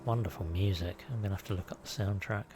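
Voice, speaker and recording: A man's voice: sits low, fast talker, loud music behind the voice. A man live-streaming a video game, chatting and rambling casually with self-deprecating asides.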